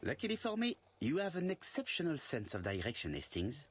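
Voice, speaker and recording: An actor playing a fussy elderly detective in a video game, with a precise manner. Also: male voice, on the high side, huge pitch swings, fairly quick, soft background music. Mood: polite. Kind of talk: video game character dialogue.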